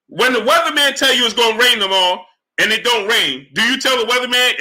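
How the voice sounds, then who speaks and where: Bright-voiced exasperated male stream host. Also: lively intonation, fairly quick. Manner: exasperated, rhetorical, repeats himself; drops to low mutter greeting chatters. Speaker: sports livestream host. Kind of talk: live stream commentary, reading chat.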